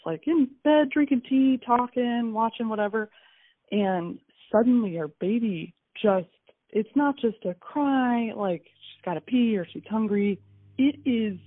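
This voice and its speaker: A woman recounting events in an interview, telling it in a lively way and acting out what people said. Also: slightly rough. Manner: animated storytelling, acts out dialogue with swings in pitch. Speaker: wife and mother recounting events. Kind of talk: recorded interview testimony. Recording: tinny phone-like audio with faint music.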